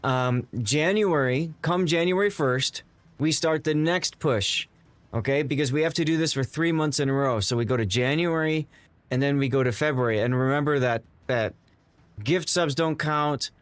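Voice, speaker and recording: A man's voice: a little high, no room sound. A man streaming live to his viewers, emotional and stammering, repeating himself as he thanks them. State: tearing up. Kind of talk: excited live-stream chat.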